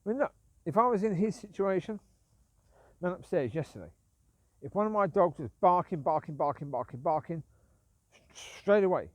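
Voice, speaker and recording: A man's voice: a little high, expressive, moderate pace, long pauses, no room sound. Aggrieved man rambling on his own vlog. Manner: repetitive, aggrieved, self-justifying. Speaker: vlogger. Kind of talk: rambling casual monologue.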